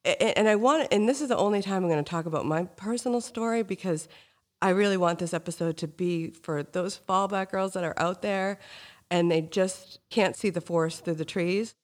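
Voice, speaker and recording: Woman host, slightly low voice, effusive and personal in conversation. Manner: gushing, emotional, storytelling. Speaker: podcast host. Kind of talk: casual interview talk.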